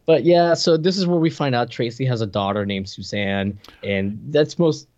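A man's voice: medium pitch, normal speed, darkish tone, muffled recording. A man co-hosting a podcast, chatting casually and recapping movie scenes with frequent laughter. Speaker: podcast co-host reviewing a movie. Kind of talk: casual chat.

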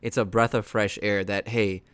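A man's voice: lowish voice, level tone, moderate pace, a bit bright, clear, resonant tone, no room sound. An American man hosting a podcast in casual chat, laid-back, full of slang and calling his guest dude. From United States. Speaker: podcast host.

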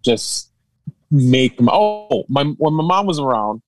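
A man's voice: on the high side, big pitch swings, slow, faint music behind, rough recording. Laid-back man from Hawaii, guest. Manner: laid-back, slangy, laughing. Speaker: podcast guest. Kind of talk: casual podcast chat.

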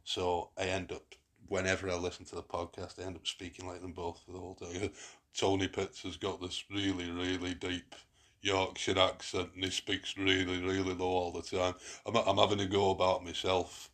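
A man hosts a relaxed podcast conversation in a very deep, husky voice. He rambles, circling back with fillers and false starts as he talks through his picks. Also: normal speed. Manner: rambling, many restarts and fillers. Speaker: podcast host. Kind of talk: casual chat.

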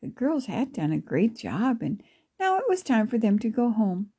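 A woman podcast storyteller reading a children's story aloud in a gentle, affectionate way. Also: fairly high pitch, sing-song, moderate pace, slightly rough. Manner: gentle, affectionate, laughs softly.

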